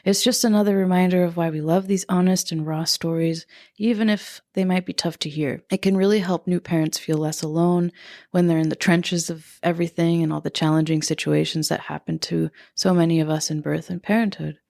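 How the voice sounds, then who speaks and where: Woman, podcast co-host, casual chat, lowish creaky voice. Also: steady tone, fairly quick, a little mellow, dry recording, clean studio sound.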